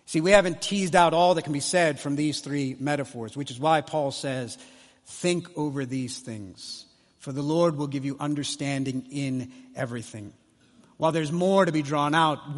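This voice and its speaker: A man preaching a conference sermon, impassioned, swinging between hushed lines and loud ones. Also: a little high. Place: large conference hall. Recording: long hall reverb.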